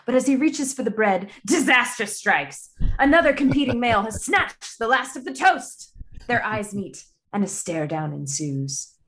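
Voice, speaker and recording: A woman doing a british nature doc narrator voice, dramatic hushed storytelling. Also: fairly high pitch, sing-song, normal speed, pitched above the performer's own voice. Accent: put-on British.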